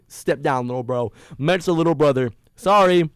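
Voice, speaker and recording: A man's voice: fairly high pitch, moderate pace, smooth, dry recording. Young male sports podcast host, fired-up fan venting, dry close-miked sound. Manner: heated, exasperated, swings between loud complaints and mumbling asides. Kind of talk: casual sports rant. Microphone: headphones on, close mic.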